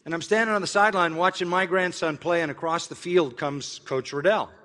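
An older man preaching a sermon, telling a personal story in an earnest way and slowly spelling words out letter by letter. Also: fairly high pitch, steady tone, pushed and bright, big-room sound. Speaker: pastor.

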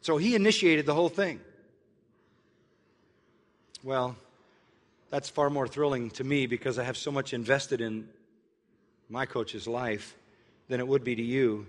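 An older pastor preaches a sermon, earnestly telling a personal story and slowly spelling words out letter by letter. His voice is medium in pitch, with a long reverb tail.

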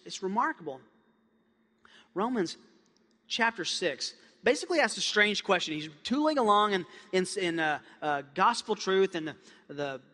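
A male pastor preaching a sermon with passion, dropping to hushed tones and then building up loud. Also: high-pitched. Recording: long hall reverb.

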